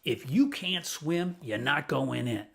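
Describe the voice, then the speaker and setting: A man voicing a tough, chain-smoking older woman who runs a neighborhood pool, with a gravelly, raspy voice and a stern, no-nonsense way of talking. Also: mid-range voice, animated, slow, a bit bright, heavily acted.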